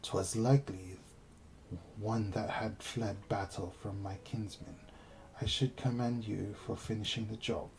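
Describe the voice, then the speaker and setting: A man reading aloud as a formal insect-tribe elder in a video game, using a put-on British accent and a slow, stately delivery. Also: lowish voice, steady tone, gravelly, darkish tone, slight background noise, poor audio. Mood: solemn.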